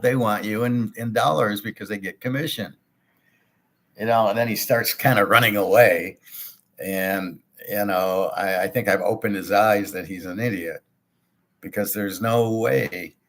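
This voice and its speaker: A man's voice: lowish voice, unhurried, gravelly. A man telling a story in a casual monologue, blunt and ranting, swearing and repeating himself. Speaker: show host, self-described economist.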